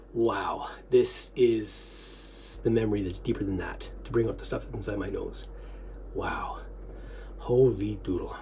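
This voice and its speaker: A vlogger telling a personal story in a rambling way, laughing, coughing and half-crying, swearing freely and dropping to a low quick murmur for asides. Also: a little mellow, slight background noise. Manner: laughs, coughs and half-cries while reliving a memory.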